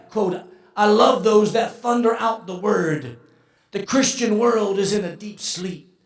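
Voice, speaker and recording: Fiery older man preaching, gravelly and high. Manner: swings from shouting to hushed tearful tones. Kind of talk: sermon. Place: large civic center banquet hall. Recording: echoey hall from far off.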